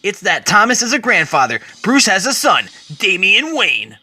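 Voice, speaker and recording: A man's voice: high voice, wildly swooping pitch, normal speed, pushed and bright. A man retelling a comic book story as a dramatic reading, quoting the characters along the way.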